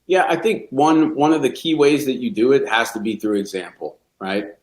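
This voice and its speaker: A man's voice: mid-range voice, normal speed, darkish tone. Reflective middle-aged man in a roomy space. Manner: reflective, candid, frequent restarts. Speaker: golf coach. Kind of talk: podcast interview. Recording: roomy echo.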